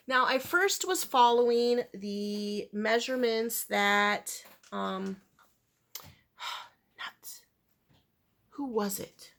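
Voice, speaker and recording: Casual woman vlogger, slightly high voice, rambling and full of fillers. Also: a bit bright. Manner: chatty, rambling, with fillers and self-corrections. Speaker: crochet vlogger. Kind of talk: casual chat to camera.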